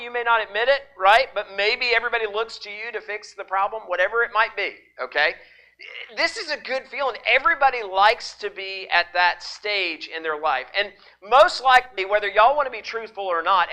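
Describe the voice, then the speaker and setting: A man's voice: sits high, pushed and bright, poor audio. A man preaching a sermon to his congregation in a church, teasing and folksy as he polls the room. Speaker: pastor. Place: church sanctuary. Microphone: microphone.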